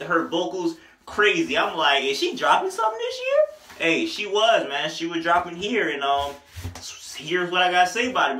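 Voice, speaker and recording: A young man runs through an album review in a casual, joking voice full of slang. His tone is bright and a touch high. The sound bounces around an echoey room. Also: slight background noise. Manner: loose, joking, slangy, sings snippets of songs. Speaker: music reviewer.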